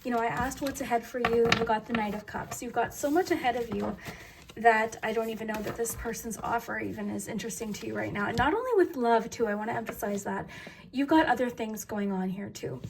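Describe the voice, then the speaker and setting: A woman's voice: a little high, fairly quick, gravelly, slight background noise. A young woman giving a casual tarot reading, giggly and flustered, with many fillers and restarts. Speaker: tarot reader.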